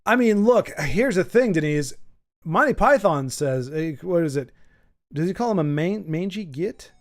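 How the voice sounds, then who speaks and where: An American man hosts a casual stream, reading out chat and thinking aloud, rambling and often repeating words. His voice is high-pitched and expressive, at a normal speed.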